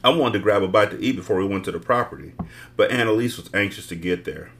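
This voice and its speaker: A man's voice: lowish voice, fast talker, a bit bright, a little hiss or hum. A man hosting a book podcast, reading a novel aloud with blunt, profane asides. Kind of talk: casual book reading with commentary.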